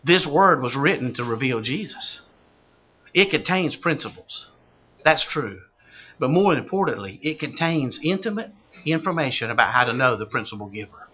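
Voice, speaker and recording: A man's voice: medium pitch, expressive, moderate pace, slightly rough, dull audio. A man preaching a sermon as pastor. He questions the congregation and builds to fervent exclamations.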